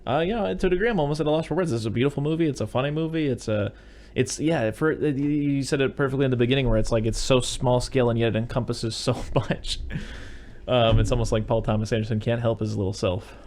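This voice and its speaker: A man talking quickly in a relaxed podcast chat, walking through a movie plot scene by scene. His pitch sits in the middle range and he rambles with fillers. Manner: rambling recap with fillers, quotes scenes in put-on voices. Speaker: podcast host. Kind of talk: casual movie-review chat.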